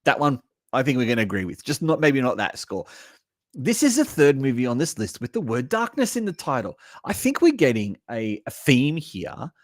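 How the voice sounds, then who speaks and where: Lively, sweary man reacting on a live stream. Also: mid-range voice, moderate pace, no echo, studio quality. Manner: animated, blunt and sweary, reads chat comments aloud. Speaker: livestream host reviewing horror movies. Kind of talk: casual live reaction chat.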